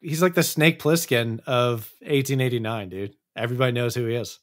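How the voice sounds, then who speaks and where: A man with a mid-pitched voice co-hosts a relaxed movie discussion. He talks in easy slang. He often slips into the characters' voices to act out their lines. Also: fairly quick. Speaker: podcast co-host. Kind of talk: casual chat.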